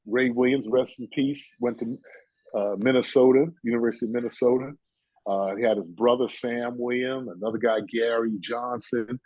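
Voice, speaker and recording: Husky older man spinning long stories. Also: mid-range voice, darkish tone, dry recording, rough recording. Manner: rambling, full of "you know" and "uh". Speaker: guest. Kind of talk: casual storytelling chat.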